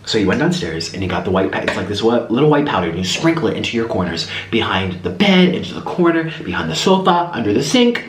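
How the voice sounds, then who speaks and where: A man tells a rambling story while eating on camera, his voice swinging high and low as he restarts his sentences. He sounds like he is in a roomy space with a noticeable echo. A faint hiss sits underneath. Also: quick pace, few pauses. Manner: animated, rambling, with many restarts. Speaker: mukbang vlogger.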